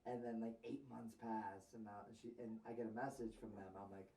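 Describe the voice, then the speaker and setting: A man's voice: on the low side, flat delivery, brisk, mellow, recorded from a distance. A man co-hosting a podcast, telling a long embarrassing story in a profane, rambling, self-mocking way. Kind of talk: casual storytelling chat. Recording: roomy, a bit off-mic.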